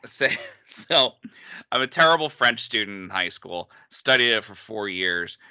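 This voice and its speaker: Guy from new england telling a funny story, bright voice, dry close mic. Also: on the low side, measured pace, clean tone, no room sound. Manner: animated storyteller, laughs often. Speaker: podcast co-host. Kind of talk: casual chat, storytelling.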